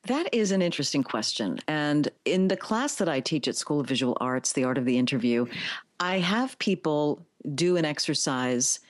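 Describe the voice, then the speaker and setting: A middle-aged woman from the Bronx, a radio host answering interview questions in a smooth, soothing, upbeat broadcaster manner. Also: deep voice, animated, normal speed, dry recording, studio quality. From New York (the Bronx).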